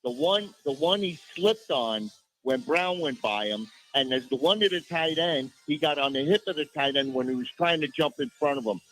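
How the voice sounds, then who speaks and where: A man's voice: on the high side, animated, normal speed, fairly bright tone, poor audio. A man calling in to a sports radio show, exasperated and repeating rhetorical questions. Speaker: caller. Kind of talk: phone-in rant.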